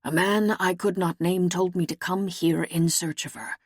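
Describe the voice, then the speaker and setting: A man's voice: sits high, steady tone, moderate pace, slightly rough, no echo, studio quality. A woman narrator voicing an earnest male knight who is searching for his lost wife, speaking in a grave, formal, pleading way. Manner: grave, pleading, formal old-fashioned speech.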